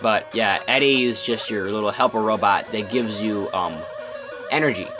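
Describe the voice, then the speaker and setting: Over background music, a young let's play host gives casual gameplay commentary in a fairly low voice at a moderate pace. He rambles with many ums and restarts, and his voice is scratchy because he just woke up.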